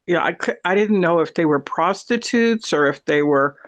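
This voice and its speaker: Animated, rambling male storyteller. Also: a little high, moderate pace, lo-fi sound. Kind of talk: casual chat.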